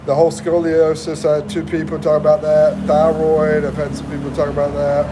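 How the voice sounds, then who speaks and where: A man's voice: a little high, completely flat delivery, fairly quick, noisy background. A man hosting a casual livestream, reading viewer comments aloud and greeting them, while he recovers from the flu and sounds congested. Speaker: livestream host.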